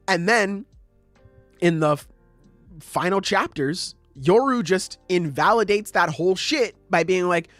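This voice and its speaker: Podcast host, male, higher-pitched, dry close sound, swearing and critical in a casual rant. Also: moderate pace, no room sound, soft background music. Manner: animated, profane, critical ranting with acted quotes.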